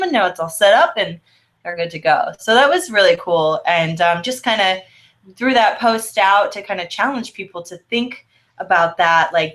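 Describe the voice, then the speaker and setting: A woman's voice: fairly low pitch, fairly bright tone. A woman co-hosting a casual video-call chat, bubbly and rambling with frequent giggles. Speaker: co-host. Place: home office, video call.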